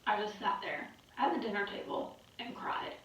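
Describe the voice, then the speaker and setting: A woman's voice: mid-range voice, animated, normal speed, a bit bright, a little hiss or hum. A young adult woman talking candidly in a personal vlog, weary and exhausted, rambling and swearing. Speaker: vlogger. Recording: very echoey, distant, muffled.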